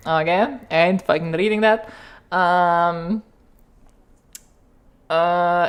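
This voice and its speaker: A woman's voice: fairly low pitch, fairly even intonation, slow pace, pauses often, clean tone. A woman with a Slovenian accent, reading game text aloud and adding wry, sarcastic asides as she streams.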